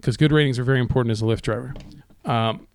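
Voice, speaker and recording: A man's voice: medium pitch, quick pace, a little mellow, clean tone. A man in casual podcast chat, telling rideshare driving stories with lots of swearing and laughter. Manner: profane, laughing storyteller.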